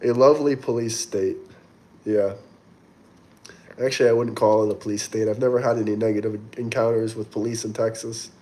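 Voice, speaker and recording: A man's voice: fairly low pitch, little pitch movement, a little fast, dark tone. A man hosting a casual livestream, chatting loosely and reading viewer comments aloud in a rambling way. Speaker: livestream host reading chat.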